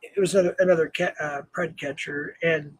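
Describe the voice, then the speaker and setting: A man's voice: on the high side, steady tone, brisk, slight background noise, rough recording. A man from New Mexico hosting a casual live-stream chat, rambling with many fillers and self-corrections and chuckling often. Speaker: host.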